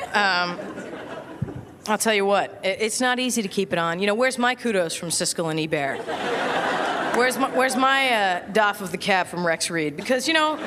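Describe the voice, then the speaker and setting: A woman comedian performing a stand-up set at a live venue, wry and self-deprecating, with quick asides to the audience. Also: mid-range voice. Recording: live crowd and noise. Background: laughing, applauding audience.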